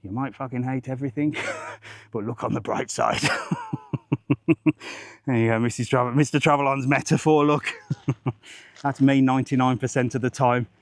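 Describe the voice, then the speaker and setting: A man's voice: mid-range voice, steady tone, normal speed, pauses often, no room sound, clean studio sound. Rambling, jokey man outdoors. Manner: rambling, jokey, swears casually. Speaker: travel vlogger. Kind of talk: live walking vlog chat. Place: outdoors, walking up a hill.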